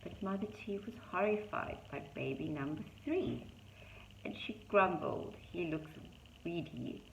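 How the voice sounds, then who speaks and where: Low-voiced woman reading a rhyming storybook. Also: expressive, measured pace, vocal fry, a little hiss or hum. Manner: sing-song rhythmic reading with chatty asides about the pictures. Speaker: teacher reading to young children. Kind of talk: reading a rhyming picture book aloud. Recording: dull echoey room.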